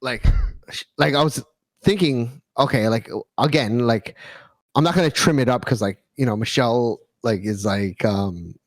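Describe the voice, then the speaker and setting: A man's voice: mid-range voice, moderate pace, no echo. A man co-hosting a podcast, telling crude stories in casual chat, cursing freely and filling his talk with "like". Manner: animated, profane storytelling full of "like". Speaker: podcast co-host.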